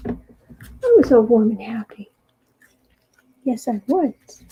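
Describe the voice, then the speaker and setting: A woman giving voice to her sleepy, contented pet cat in a soft, drowsy murmur. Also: fairly high pitch, slow pace, lo-fi sound.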